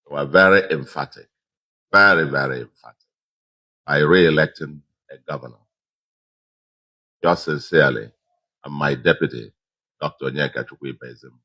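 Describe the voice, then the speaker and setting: A middle-aged Nigerian man with a Nigerian accent giving a public address to supporters, measured and repeating phrases for emphasis. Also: extremely low pitch, pushed and bright, poor audio. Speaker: governor giving a victory speech.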